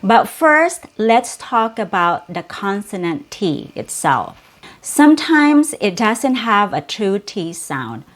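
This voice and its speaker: Slow, patient woman teaching pronunciation. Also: mid-range voice, sing-song. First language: Cebuano. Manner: repeats sounds and words slowly for the learner. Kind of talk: slow, clear pronunciation lesson.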